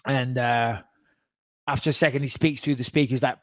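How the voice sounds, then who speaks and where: A middle-aged man hosting a podcast, telling a story in casual chat, lively and swearing freely. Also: medium pitch, normal speed, dry recording. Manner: animated, swears freely, acts out voices in anecdotes. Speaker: podcast host.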